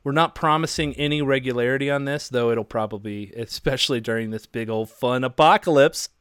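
A man's voice: medium pitch, a little fast, a bit bright, clear, resonant tone, no room sound. Man in his thirties, casual podcast co-host, rambling and jokey, dry close sound. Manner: rambling, jokey, lots of fillers.

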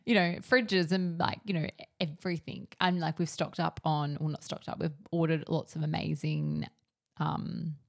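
A young woman co-hosting a casual podcast chat, talking fast and laughing often with lots of fillers. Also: low-pitched, steady tone, gravelly. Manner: chatty, laughing, filler-heavy. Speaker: podcast co-host, nutritionist.

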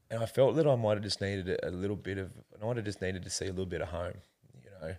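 This is an Australian man in a casual interview, his voice sitting very low with a rough, gravelly edge. He tells a long personal story in an earnest, rambling way, often calling the host mate. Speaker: interview guest.

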